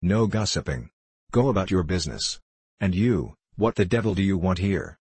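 A man voicing a fierce, blustering elderly male horse trainer in an audiobook reading, speaking gruffly. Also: low-pitched, expressive, moderate pace, a little mellow, no echo.

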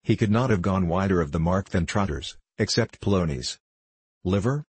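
A man narrating an audiobook of a classic novel with a measured, steady delivery. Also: low-pitched, slightly rough, no room sound.

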